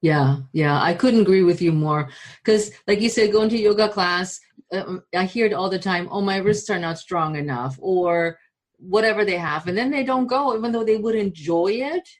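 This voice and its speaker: A woman's voice: mid-range voice, moderate pace. A woman hosting a podcast, agreeing effusively with her guest and closing the episode with enthusiasm. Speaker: podcast host. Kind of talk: podcast interview and outro.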